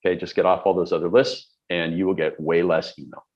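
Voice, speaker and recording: Blunt low-voiced coach. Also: male voice, level tone, quick pace, dull audio. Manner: blunt, emphatic, lecturing with everyday examples. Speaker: productivity coach. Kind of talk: direct-to-camera advice talk.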